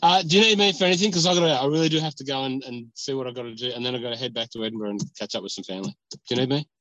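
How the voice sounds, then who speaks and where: A man's voice: medium pitch, racing, fairly bright tone, no room sound, lo-fi sound. A man chatting as a podcast host, rambling and joking while sitting in a parked car. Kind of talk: casual chat.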